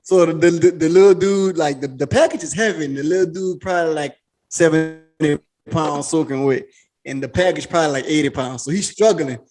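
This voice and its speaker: High-voiced, profane man hosting a podcast. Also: fairly quick. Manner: loose, profane, storytelling with restarts. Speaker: podcast host. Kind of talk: casual podcast chat.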